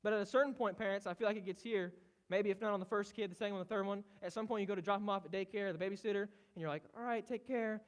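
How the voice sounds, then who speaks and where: A man with a hoarse voice from a cold, giving a casual, conversational sermon as pastor. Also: sits high, steady tone, racing. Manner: casual, conversational preaching with rising intensity. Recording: muffled, with loud guitar behind. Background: worship team playing guitar.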